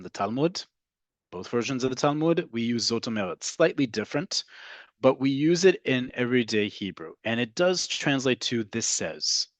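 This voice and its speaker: A man teaching a casual online language lesson. He explains at length, checks in with "right?" all the time, and slows down to model phrases. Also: medium pitch, no room sound.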